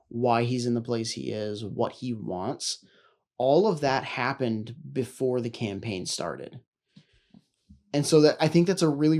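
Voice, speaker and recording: A man's voice: medium pitch, darkish tone. A young man co-hosting a podcast, chatting loosely about his tabletop character, with lots of fillers and casual swearing. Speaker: podcast co-host, tabletop player.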